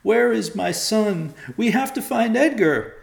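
A man's voice: high-pitched, animated, a little slow, gravelly, voice pushed up, heavily acted. A man voicing a distraught mother who wails and pleads through tears. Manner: wailing, tearful. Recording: echoey room.

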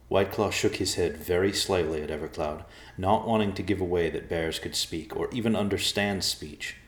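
A man reading a storybook aloud as narrator, in a steady, even way. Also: low-pitched, normal speed, hardly any pauses. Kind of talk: audiobook narration. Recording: roomy echo.

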